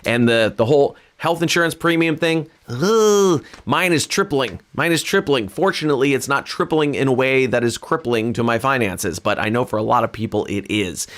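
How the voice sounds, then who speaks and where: This Californian livestream host talks briskly with few pauses in a mid-range, fairly bright voice. Playing guitar at home, with the guitar faint in the background, he rambles earnestly and self-deprecatingly, restarting his sentences often.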